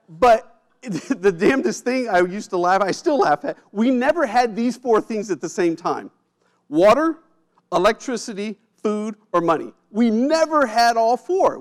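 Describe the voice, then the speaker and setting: A man giving a personal storytelling speech at an event, emotional, with dramatic pauses and quiet drops at heavy moments. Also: high voice. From United States. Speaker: keynote speaker. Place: event stage.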